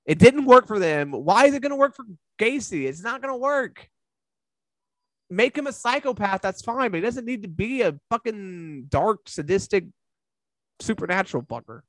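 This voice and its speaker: Male host, lively swings in pitch, loose and profane, dry close sound. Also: normal speed, dry recording. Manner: animated, swearing, rambling with fillers. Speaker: podcast host. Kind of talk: casual recap chat.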